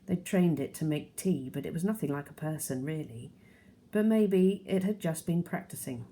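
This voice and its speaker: Teacher reading a novel aloud, woman, low gravelly voice, steady pace. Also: moderate pace, slight background noise.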